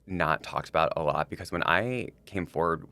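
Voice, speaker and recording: A man's voice: sits low, normal speed, pushed and bright. A man on a podcast, telling a personal story in casual chat, rambling with lots of likes and restarts. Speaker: podcast co-host.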